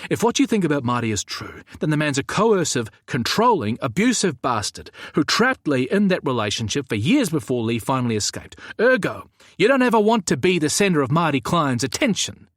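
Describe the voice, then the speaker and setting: A man voicing a stern, exasperated male police officer who scolds his family in a gruff, emphatic way. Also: medium pitch, very animated, a little fast, hardly any pauses, no room sound, clean studio sound, voice pushed up. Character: stern exasperated male cop, brother-in-law.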